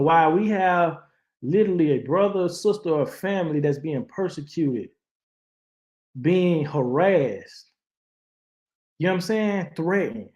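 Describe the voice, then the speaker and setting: A man hosts a casual commentary stream. His voice sits a little high, and he talks in an impassioned, preaching way, often stumbling and restarting mid-sentence. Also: a little mellow, reverberant. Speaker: channel host reacting to news.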